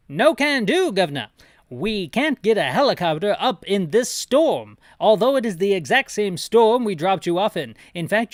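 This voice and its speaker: A stuffy British headquarters officer barks over the radio, stiff and formal, calling people governor and squire, as a man puts him on. The voice sits well above a normal man's pitch and comes out loud. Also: no room sound, studio quality. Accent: put-on British.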